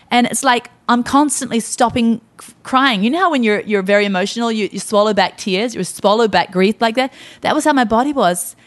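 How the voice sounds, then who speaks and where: A middle-aged woman on a faith podcast speaks with earnest, heartfelt emotion. Her voice sits on the high side. She often quotes herself as she tells the story. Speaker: podcast co-host. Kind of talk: faith-based casual podcast chat.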